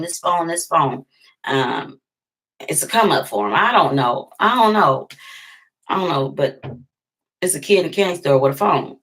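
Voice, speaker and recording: Low-voiced woman telling a heartbreak story. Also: a bit bright. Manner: rambling, self-correcting storytelling. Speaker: vlogger. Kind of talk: storytime vlog.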